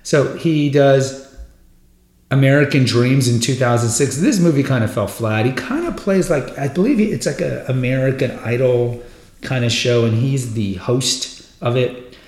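A man's voice: mid-range voice, moderate pace, darkish tone. A man hosting a podcast, chatting casually and enthusiastically about a film career in a rambling, conversational way. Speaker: podcast host. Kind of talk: casual film retrospective chat. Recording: roomy echoey room sound.

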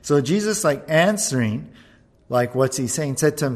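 A man preaching a conversational sermon, animated and often checking in with the listeners. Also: on the high side, moderate pace, big-room sound. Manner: conversational, animated, keeps asking "right?". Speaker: pastor.

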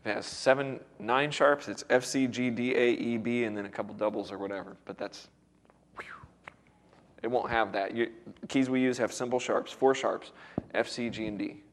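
Here a man of medium pitch talks at a normal speed in a steady tone while casually and encouragingly teaching music theory to worship students. He checks in with them often, and his voice is a little worn as it recovers.

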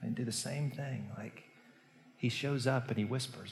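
A male pastor preaching a sermon, telling the story earnestly and moving between hushed and emphatic delivery. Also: mid-range voice, normal speed. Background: soft guitar music.

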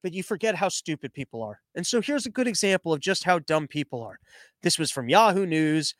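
A man with a notably high speaking voice rants as a podcast host, sarcastic and foul-mouthed as he mocks his targets. The sound is dry and close, with no room echo. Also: sing-song, a little fast, a bit bright. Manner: sarcastic, profane, mocking. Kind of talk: political commentary rant.

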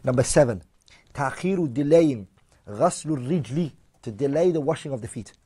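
A man's voice: mid-range voice, lively intonation, quick pace, mellow, husky. Man teaching a numbered religious lesson. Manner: explains point by point, asks the audience questions; switches between English and Arabic readings. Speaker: Islamic teacher.

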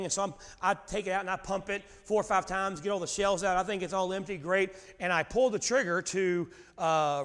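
A middle-aged man preaching a sermon, telling stories with big swings from loud to quiet. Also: high-pitched. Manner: animated storytelling, swings from shouting to quiet. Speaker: pastor. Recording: long hall reverb.

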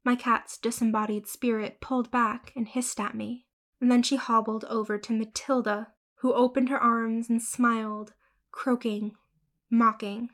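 A woman narrating a horror short story in a measured, grim, unhurried way. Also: fairly high pitch, little pitch movement.

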